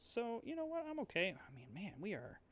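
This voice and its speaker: A man's voice: high-pitched, huge pitch swings, fairly quick, a bit bright. A young man hosting a board game video, rambling chattily through his moves, with lots of fillers and restarts. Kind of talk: casual thinking-aloud play commentary.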